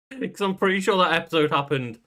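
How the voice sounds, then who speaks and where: A man's voice: fairly high pitch, bright, forceful tone. A man co-hosting a casual podcast, chatty, laughing often and swearing offhand. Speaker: podcast co-host. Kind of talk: casual chat.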